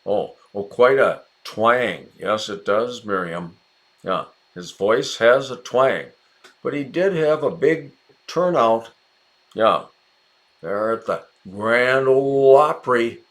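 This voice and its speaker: Lively, slow-talking American teacher man. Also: mid-range voice. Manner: chatty, encouraging, talks to viewers by name. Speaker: English teacher. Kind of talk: casual ESL lesson narration.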